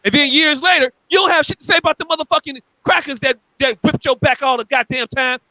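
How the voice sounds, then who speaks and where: A man's voice: very high-pitched, fairly even intonation, fast talker, pushed and bright, no room sound, rough recording. A man co-hosting a podcast, ranting angrily and profanely with lots of repetition. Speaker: podcast co-host. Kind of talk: heated podcast rant.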